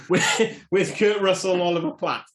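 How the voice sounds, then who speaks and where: A man's voice: high voice, moderate pace. A man co-hosting a film podcast, telling anecdotes and wandering off on tangents. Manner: anecdotal, goes off on tangents, laughs between remarks. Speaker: podcast co-host. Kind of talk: casual film chat.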